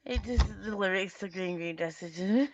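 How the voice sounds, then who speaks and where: A woman's voice: on the low side, moderate pace, dull audio. A woman chatting casually and teasing her friends on a late-night reading call, laughing often. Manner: giggly, teasing. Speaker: readathon friend. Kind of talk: casual chat.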